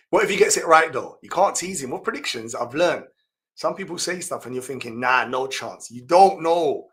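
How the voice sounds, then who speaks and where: A man's voice: on the high side, expressive, normal speed. A man hosting a live fantasy football stream, reading out viewer comments and reacting with laughs and exclamations. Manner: chatty, laughs often, reacts loudly to comments.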